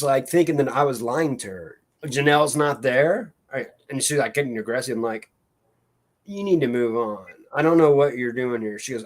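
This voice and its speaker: Guy chatting on a live stream, rambles and restarts a lot, middle-pitched voice. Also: moderate pace. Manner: rambling storyteller with many fillers and restarts. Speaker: co-host. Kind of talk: casual chat on a live stream.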